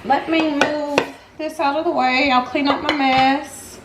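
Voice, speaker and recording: A woman's voice: high voice, fairly even intonation, unhurried, heavy background noise. A woman hosting a casual home cooking vlog, chatty and exclaiming as she tastes her food in her kitchen. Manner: chatty, exclaims while tasting. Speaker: cooking channel host. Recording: roomy kitchen, mic at a distance.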